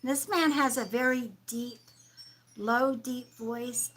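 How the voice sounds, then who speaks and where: A woman hosting a live-stream psychic reading, speaking softly and affectionately, calling viewers sweetheart and sometimes dropping to a whisper. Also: fairly high pitch, steady tone, takes it slowly, poor audio. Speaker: psychic medium and livestream host.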